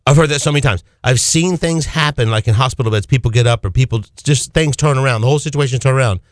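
A man's voice: mid-range voice, quick pace, dry recording, clean studio sound. A man hosting a radio show, preaching fervently with exclamations and rhetorical questions.

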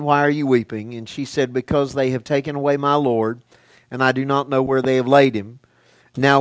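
Speaking conversationally, a preacher questions his audience, moving from loud, emphatic moments to hushed ones. He has a mid-range voice, and the recording has no room sound.

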